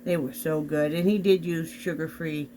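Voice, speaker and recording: Sitting on his bed at home, a male vlog host rambles in casual chat straight to a camera on his desk. His voice is fairly high and mellow, with fairly even intonation and a moderate pace. The audio is poor, with slight background noise.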